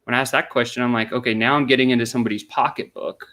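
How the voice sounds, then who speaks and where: A man's voice: mid-range voice, fairly even intonation, very fast, a bit bright. Man, middle-aged, mid-range voice, conversational, explains step by step. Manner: explains step by step, acts out sample questions and replies. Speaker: sales consultant guest. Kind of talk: conversational interview.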